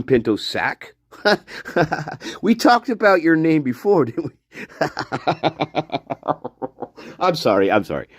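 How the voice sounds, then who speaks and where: A man's voice: a little high, no room sound, studio quality. A man hosting a casual true-crime commentary video, blunt and mocking, swearing freely and chuckling between remarks.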